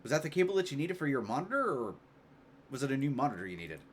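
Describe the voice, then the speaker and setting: A man streaming a game live, chatting casually, joking, thinking out loud with lots of fillers, and reading game dialogue aloud. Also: medium pitch, very animated, fast talker, a little hiss or hum.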